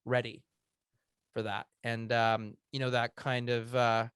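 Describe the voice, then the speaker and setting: A man in his thirties, a podcast guest, earnestly telling an emotional personal story, halting often with "um" and restarts. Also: mid-range voice, level tone, a bit bright, clean tone, no room sound.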